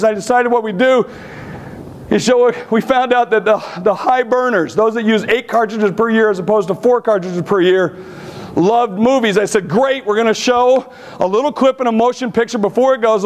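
A man giving a conference keynote, telling blunt, brash stories with humor. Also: high-pitched. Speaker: keynote speaker. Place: conference stage.

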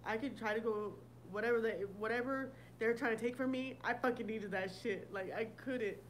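A woman's voice: fairly high pitch, normal speed, slight background noise, rough recording. Blunt, foul-mouthed woman livestreamer. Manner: blunt, profane, laughing often; reads and answers viewer comments. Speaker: livestream host. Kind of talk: casual livestream chat.

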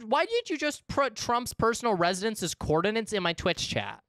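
A young man chatting casually to his viewers while playing a game on a livestream, animated and quick to swear. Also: sits high, smooth, no room sound, clean studio sound. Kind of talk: casual gaming stream chat.

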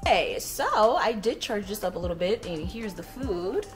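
A woman's voice: medium pitch, big pitch swings, normal speed, faint music behind. A woman vlogging a story from home, ranting in a heated, profane way. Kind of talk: storytime vlog. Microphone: camera.

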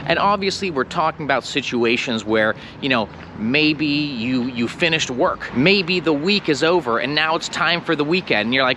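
A man's voice: on the high side, expressive, normal speed, hardly any pauses, bright, forceful tone, slight background noise. An American man teaching English in a casual video lesson, playful and fond of acting out little scenes.

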